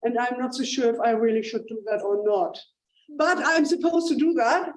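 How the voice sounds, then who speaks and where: German-accented woman contest chair, high voice, teasing and jokey on stage. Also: normal speed, poor audio. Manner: playful, self-teasing asides. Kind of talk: emceeing a speech contest.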